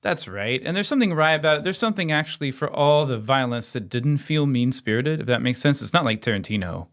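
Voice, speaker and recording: A man's voice: medium pitch, lively intonation, quick pace. A man co-hosting a movie podcast, chatty and eager, telling stories in a casual chat. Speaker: podcast co-host.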